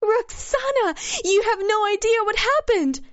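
A woman voicing an overjoyed young mother who is shouting good news over the phone in a breathless, rushed way. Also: very high-pitched, expressive, no room sound, pitched above the performer's own voice. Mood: exultant. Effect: heard over a phone. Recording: dull, muffled sound.

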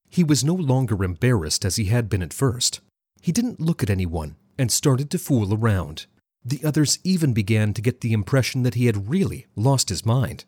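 Man, husky voice, story narration, lively pitch, dry close recording. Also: no room sound. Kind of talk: scripted narration.

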